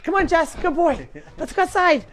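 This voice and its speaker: A woman's voice: very high-pitched, expressive, moderate pace. A middle-aged woman hosting a casual live stream from her animal sanctuary at home, chatting and talking to her pets in a sing-song way. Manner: chatty, talks to animals in a baby voice.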